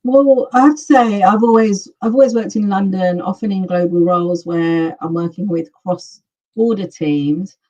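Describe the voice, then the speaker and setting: A middle-aged woman answering interview questions over a video call, speaking in a measured, thoughtful way with frequent pauses. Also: medium pitch, dark tone. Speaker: guest, communications specialist. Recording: dull, distant video-call audio.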